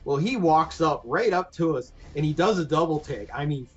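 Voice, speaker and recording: A man guest on a podcast, telling a long story in an animated, rambling way full of fillers. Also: on the high side, moderate pace, breathy edge. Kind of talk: casual anecdote telling. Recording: dull lo-fi podcast audio with faint music.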